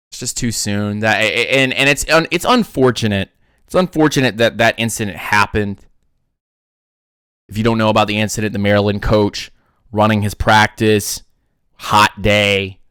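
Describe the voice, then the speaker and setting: A man's voice: on the low side, clear, resonant tone, no room sound, studio quality. A man hosting a casual sports talk show, ranting with lots of restarts. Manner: animated ranting, frequent restarts. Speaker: podcast host.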